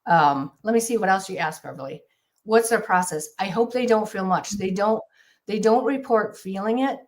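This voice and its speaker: A woman's voice: mid-range voice, slight background noise. Earnest woman guest, keeps restarting, talking over a video call. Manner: earnest, halting, many restarts. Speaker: guest exorcist. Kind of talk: casual interview talk.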